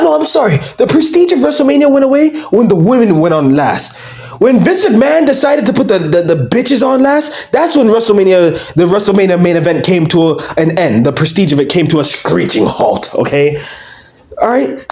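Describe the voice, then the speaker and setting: A man's voice: sits high, darkish tone. A young man ranting about wrestling to camera in a brash, profane, mocking way, often trailing off with fillers. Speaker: wrestling commentary YouTuber. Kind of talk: casual ranting monologue to camera.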